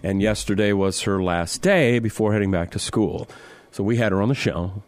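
Radio host, man, dry close sound, wry joker, relaxed banter. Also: lowish voice, normal speed, no echo. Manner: wry, joking, easygoing. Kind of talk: casual radio chat.

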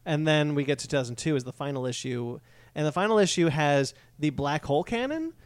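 A man's voice: fairly high pitch, lively intonation, fairly quick, clean tone, no echo. A man co-hosting a casual chat, talking with enthusiasm and many fillers.

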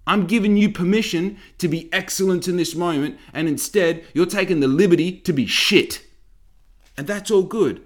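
A man's voice: high-pitched, moderate pace. A man telling a story as a heated, exasperated rant full of swearing.

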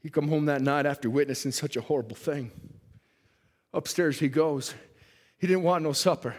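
A male preacher delivering a fervent sermon, telling a story and shouting exhortations, heard with a long church reverb. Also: fairly high pitch, quick pace.

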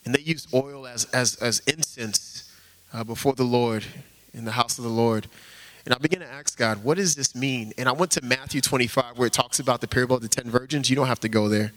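A man's voice: medium pitch, fairly quick, a bit bright, poor audio. A man preaching an informal sermon, earnest and conversational, often slipping in casual fillers as he talks.

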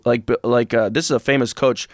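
A man co-hosts a sports podcast in a loose, rambling way, drifting off into old stats as he talks. His voice sits at an ordinary middle pitch, and it is recorded close and dry with no room sound. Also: fairly even intonation, fairly quick, no echo. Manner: rambling, digressive, breaks into goofy impressions. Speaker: podcast co-host. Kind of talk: casual sports chat.

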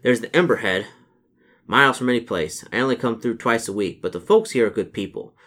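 A man's voice: medium pitch, a little fast, a bit bright, natural voice. A man voicing a laconic rural coach driver with folksy, drawling speech, close to his own voice. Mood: matter-of-fact.

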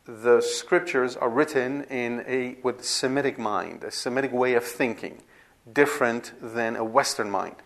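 A man's voice: medium pitch, unhurried, fairly bright tone. Man lecturing on scripture, checking in often. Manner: explanatory, repeats himself with frequent "right?" checks and restarts. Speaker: Bible teacher. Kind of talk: classroom lecture.

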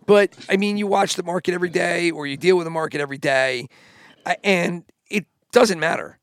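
Man, podcast co-host, casual chat, gravelly, slightly high, dry sound. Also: a little fast, dry recording. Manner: rambling, many fillers and restarts.

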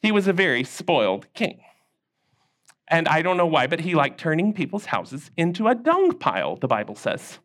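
Man preaching to kids, storytelling, high voice, super lively ups and downs, asks them questions. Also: moderate pace. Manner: animated, call-and-response with kids. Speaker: children's minister. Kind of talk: children's sermon storytelling.

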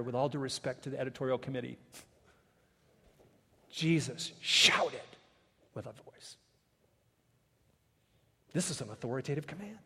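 A male pastor delivering a sermon in a church, moving from quiet asides to rising, emphatic preaching. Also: a little high. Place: church sanctuary. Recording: long reverb of a large hall.

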